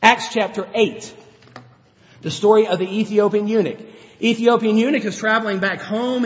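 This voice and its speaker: A man preaching a sermon, telling Bible stories in an animated way and acting out the characters. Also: high-pitched. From grew up on a farm. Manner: animated storytelling, acts out Bible characters, chuckles. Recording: dull lo-fi sound with long hall reverb.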